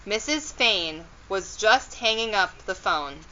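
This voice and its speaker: Slow, bright-voiced woman reading a storybook. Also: medium pitch, lively intonation, muffled recording. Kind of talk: children's storybook read-aloud.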